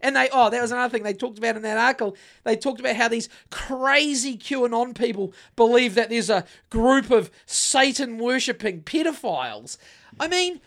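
A man's voice: very high voice, expressive, normal speed, a bit bright. A man co-hosting a casual podcast, rambling and swearing through many restarts. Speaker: podcast co-host. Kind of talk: casual conspiracy podcast chat.

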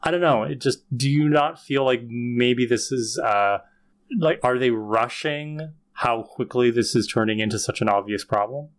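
A man co-hosts a podcast and walks through episode scenes in easy, casual chat. He sounds thoughtful and hedges his opinions, with the odd sigh. His voice sits at an ordinary middle pitch. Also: moderate pace. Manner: thoughtful, hedging, sighs. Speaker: podcast co-host.

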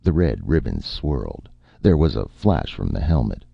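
A man reads a story aloud with steady, measured narration. His voice is very deep, gravelly and husky, and it moves lively through its range. The dry recording sounds dull and muffled. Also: no echo. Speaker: audiobook narrator. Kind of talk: scripted narration.

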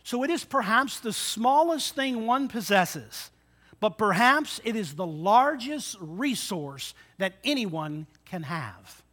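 A male pastor preaching a sermon, acting out the story in lively retellings and asking the congregation rhetorical questions. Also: high-pitched, slow pace. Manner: dramatic retellings with shifting loudness.

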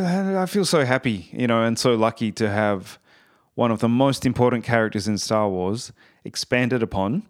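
Man with a smooth, resonant voice. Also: fairly low pitch. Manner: enthusiastic, rambling with fillers and restarts. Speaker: musician reviewing a TV series. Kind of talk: casual spoken review.

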